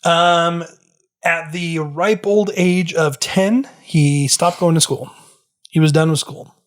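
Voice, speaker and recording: A man's voice: fairly high pitch, fairly even intonation, slow. A man hosting a casual history podcast, explaining at length with frequent fillers and restarts. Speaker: podcast host.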